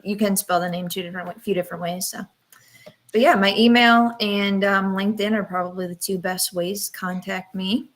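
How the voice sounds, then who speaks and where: A woman's voice: medium pitch, fairly even intonation, a little fast. A woman guest on a radio talk show, answering politely and spelling out details carefully. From Dallas area. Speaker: guest, operations director. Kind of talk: radio interview.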